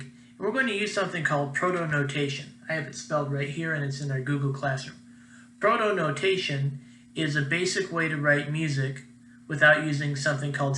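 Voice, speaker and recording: A man's voice: a little high, pushed and bright, roomy sound, a little hiss or hum, rough recording. A young man, a music teacher, giving a patient, encouraging recorded class lesson.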